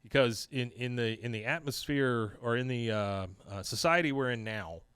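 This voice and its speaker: A man's voice: medium pitch, moderate pace, fairly bright tone, clean tone, dry recording. A man hosting a podcast, casually recapping a cartoon episode and reading its lines aloud with frequent laughs. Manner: reads episode plot with quoted lines, laughs often. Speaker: podcast host.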